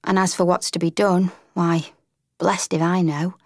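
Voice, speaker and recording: A woman's voice: lowish voice, flat delivery, unhurried, a little mellow, no room sound, studio quality. A woman voicing an earnest, hungry female mole in a storybook reading, plain-spoken and homely. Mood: despondent.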